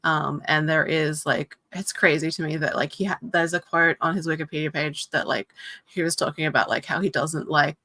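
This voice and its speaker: A woman's voice: sits low, fairly even intonation, moderate pace, bright, forceful tone, dry recording. A woman chatting casually, rambling with frequent fillers. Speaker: co-host. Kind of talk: casual chat.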